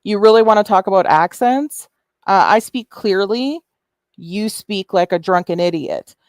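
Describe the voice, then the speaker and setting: A woman hosting a reaction livestream, her delivery combative and sarcastic, laced with swearing. The sound is dry and close, with no room around it, and her pitch sits in an ordinary middle range. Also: measured pace, no room sound. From Canada. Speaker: YouTube commentary host.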